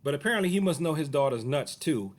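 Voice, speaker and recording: A man's voice: on the high side, expressive, quick pace. A martial arts teacher telling a personal story to camera in a casual way, acting out the other people's voices as he goes.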